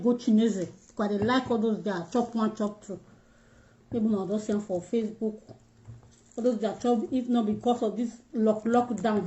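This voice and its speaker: A woman's voice: fairly high pitch, warm tone, dull audio. A Nigerian woman hosting a casual livestream, chatting with viewers in pidgin-flavoured English while she eats. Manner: chatty, mixes pidgin, addresses viewers directly. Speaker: livestream host.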